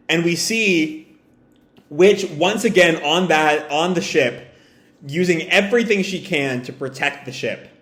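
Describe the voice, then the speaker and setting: A man reads a comic chapter aloud and reacts as he goes, pausing often with fillers and restarting his sentences. His voice sits on the higher side for a man, and the recording carries a noticeable roomy echo. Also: fairly bright tone. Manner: halting, with frequent fillers and self-corrections. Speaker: manga reaction video host.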